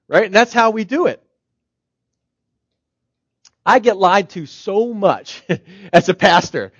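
A male pastor with a notably high voice preaches a sermon in a relaxed, conversational way, stacking up rhetorical questions. He is animated, speaks at normal speed, and pauses often. The audio is very dry with no room echo and sounds slightly dull.

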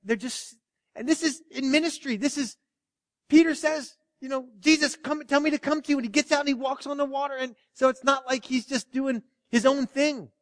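A man preaching a sermon, animated, swinging between loud exclamations and hushed asides. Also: extremely high pitch, normal speed, big-room sound. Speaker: pastor.

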